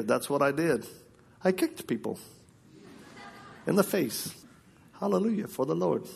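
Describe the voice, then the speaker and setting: A man preaching at a live church service in an ordinary, middle-pitched voice. He tells stories with lots of laughter and acts out the people in them. His voice jumps up high when he gets excited. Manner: animated, laughing storyteller who acts out quoted voices. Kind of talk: storytelling sermon.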